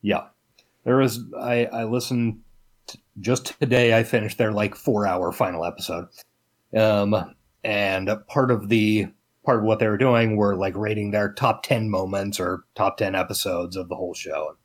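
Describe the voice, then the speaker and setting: A man's voice: fairly low pitch, fairly even intonation, normal speed. A man co-hosting a podcast in casual chat, talking in a rambling, hesitant way with many fillers. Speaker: podcast co-host.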